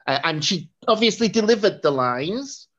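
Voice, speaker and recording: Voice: medium pitch, very animated, normal speed, fairly bright tone. A podcast co-host, chatting casually about a film, rambling with lots of fillers. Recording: dull lo-fi recording.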